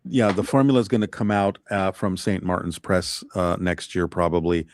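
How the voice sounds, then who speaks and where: A man speaking as a guest in a podcast interview, plain and steady. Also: deep voice, normal speed, slight background noise.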